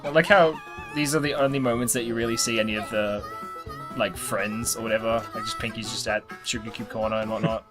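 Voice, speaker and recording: A man's voice: lowish voice, fairly even intonation, a little fast, music in the background. A man giving casual, joking commentary on a cartoon episode, laughing often and slipping into silly voices. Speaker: commentary co-host.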